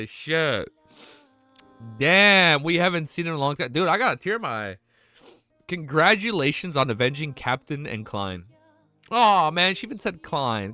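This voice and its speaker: Reading a web novel aloud on stream, this young man has a mid-range voice with a sharp tone. Between passages he gushes in excited reactions, swears frequently and leans heavily on "dude."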